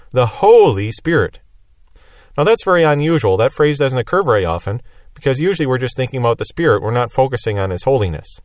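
A man's voice: mid-range voice, dry recording, studio quality. A man teaching a Bible lesson verse by verse, explaining plainly and repeating key phrases.

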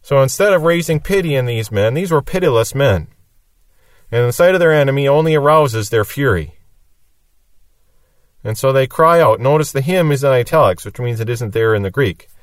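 A man teaches scripture in a steady, mid-pitched voice. He reads a verse and then explains it plainly. The sound is dry, and he stands a little back from the microphone. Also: normal speed, no room sound, far from the mic. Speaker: Bible teacher.

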